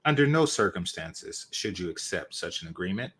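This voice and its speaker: A man's voice: low-pitched, expressive, normal speed, a bit bright, slightly rough. A man hosting a reaction channel, giving opinionated commentary with emphatic repetitions. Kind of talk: commentary on a video.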